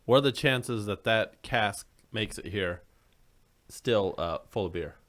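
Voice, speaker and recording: A man's voice: on the low side, a little slow, a bit bright. A man in his fifties co-hosting a casual chat, teasing his co-host with dry banter. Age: 50s. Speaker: podcast co-host.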